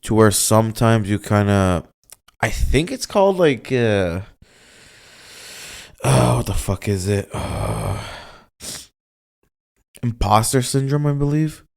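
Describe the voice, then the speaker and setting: Rambling low-voiced man talking alone. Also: expressive, slow, vocal fry, long pauses. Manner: rambling, searching for words, swears casually. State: a little emotional, voice slightly off. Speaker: podcast host. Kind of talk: casual solo monologue.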